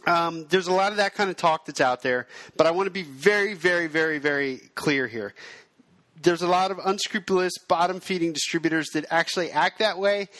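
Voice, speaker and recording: Podcast host guy, kinda monotone, higher voice, dry close sound. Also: a little fast, no room sound. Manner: self-described monotone, explanatory. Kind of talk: podcast monologue.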